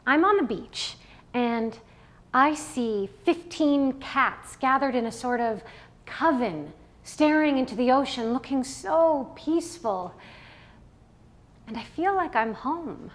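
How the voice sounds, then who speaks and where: A woman's voice: high-pitched, lively intonation, slow pace. A woman from Canada, narrating wistfully in a documentary stage play. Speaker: performer.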